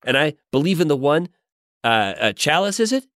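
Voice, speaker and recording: A man playing a smooth-talking, charismatic self-help pastor in an improvised comedy role-play, with an oily, overly friendly pitchman delivery. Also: expressive, brisk, fairly bright tone, no echo, studio quality. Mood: smarmy.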